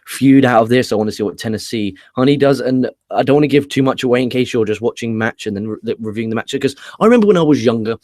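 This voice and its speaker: A man's voice: mid-range voice, lively intonation, quick pace, few pauses, darkish tone, no echo, clean studio sound. A man giving a casual wrestling show review, chatty, with casual swearing and frequent restarts. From England.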